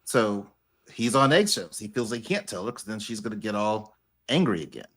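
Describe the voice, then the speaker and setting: Male podcast co-host, bright voice, lively delivery, swears and acts out quotes. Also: lowish voice, fairly quick. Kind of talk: casual chat.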